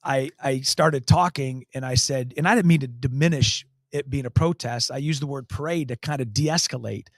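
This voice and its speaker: A man's voice: mid-range voice, normal speed, few pauses, no room sound, studio quality. A man, a county sheriff, telling a story in an interview, emphatic and earnest, repeating key phrases. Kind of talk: storytelling in a talk show interview.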